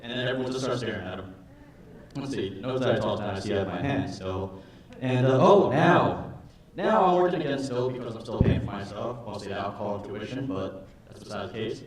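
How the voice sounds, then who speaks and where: A man in his twenties doing a stand-up comedy set, swinging between loud put-on voices and low mutters. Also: fairly quick, a crowd in the background. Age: 20s. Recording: echoey hall from far off.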